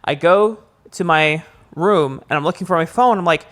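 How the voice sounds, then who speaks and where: A young man, a podcast co-host, telling a long story in casual chat, his voice jumping high when he acts out his own panic. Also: quick pace, clear, resonant tone. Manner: animated storyteller, rises high acting out panic.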